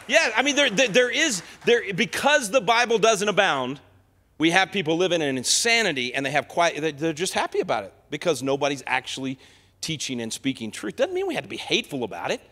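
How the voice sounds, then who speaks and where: A man preaches with fire from the pulpit, his voice high and lively as it leaps up and down. He drops to quiet asides, then rises to bright, forceful declarations. A long reverb trails each phrase through the church. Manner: impassioned, swings from soft asides to loud declarations. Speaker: guest speaker. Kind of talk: fiery sermon. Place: church sanctuary.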